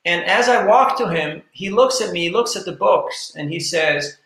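A man talks as a podcast guest, telling earnest stories with frequent repetitions. His voice is gravelly and bright, set a little high for a man. The sound carries the echo of a roomy space. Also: lively intonation, normal speed. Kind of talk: storytelling interview talk. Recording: echoey room.

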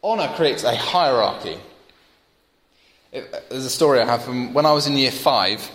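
A young Englishman delivers a sermon, weaving in personal stories and pressing his points with rising emphasis. His voice sits at a middling pitch and rings out in a large church hall with a long, lingering reverb. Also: normal speed. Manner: storytelling, animated, builds to emphatic peaks. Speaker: preacher.

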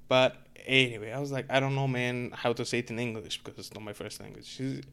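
A man's voice: medium pitch, fairly even intonation, quick pace, vocal fry, pushed and bright, clean tone. A man from Egypt with an Egyptian accent, speaking English as a second language and telling a rambling story, full of fillers and swearing. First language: Arabic. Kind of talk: casual storytelling rant.

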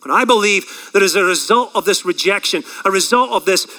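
A man preaching a sermon, lively and playful, acting out quoted voices and repeating key words for emphasis. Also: high voice, fairly quick, poor audio. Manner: animated, acts out quoted voices, jokes. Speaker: pastor.

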